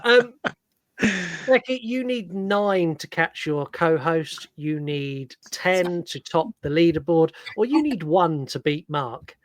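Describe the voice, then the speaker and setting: A man's voice: fairly high pitch, expressive, takes it slowly, no room sound. A young man hosting a casual podcast, chatty and jokey with lots of ums. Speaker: podcast host.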